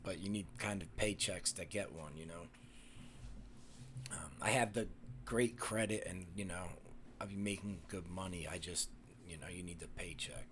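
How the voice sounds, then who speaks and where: Man, live stream host, casual rambling chat, profane, lowish voice. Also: moderate pace, long pauses, a bit bright, a little hiss or hum. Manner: rambling, profane, many fillers and restarts.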